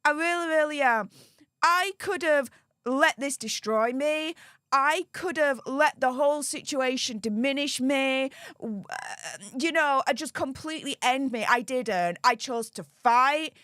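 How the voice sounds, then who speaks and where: A woman's voice: high voice, measured pace, fairly bright tone, no echo, clean studio sound. Chatty woman streamer. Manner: chatty, gushing thanks to viewers. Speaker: livestream commentary host. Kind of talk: live-stream commentary chat.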